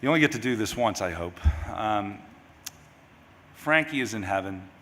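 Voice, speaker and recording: A middle-aged grieving father giving a eulogy at a memorial service. He talks in a halting, rambling way, restarting his sentences. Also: lowish voice, expressive, a bit bright. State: grieving, voice near tears. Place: large memorial service hall. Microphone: microphone at a podium. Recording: hall reverb, faint background noise.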